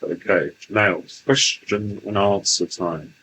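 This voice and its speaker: A genial male alien leader from Sirius, channeled by a man in a trance session. His voice sits very low and moves at a slow, measured pace. He speaks formally and calls himself "we.". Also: sharp tone, a little hiss or hum, rough recording. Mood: amiable. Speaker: channeled entity.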